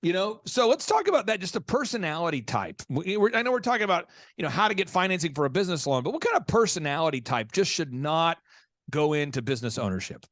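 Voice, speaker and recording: Fast-talking podcast host. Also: male voice, fairly high pitch, dry recording, clean studio sound. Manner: acts out quoted voices, fast and energetic. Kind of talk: animated storytelling.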